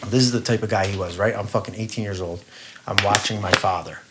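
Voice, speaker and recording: A man's voice: fairly low pitch, fairly even intonation, fast, heavy background noise. A man co-hosting a podcast, telling stories in a blunt, profane way. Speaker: podcast co-host. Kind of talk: casual podcast chat.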